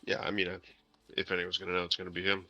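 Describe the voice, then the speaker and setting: A man's voice: sits low, monotone, rapid-fire, pushed and bright, no echo, muffled recording. A man playing a tabletop game, speaking tersely and casually in character and out. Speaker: player. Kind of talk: tabletop role-play.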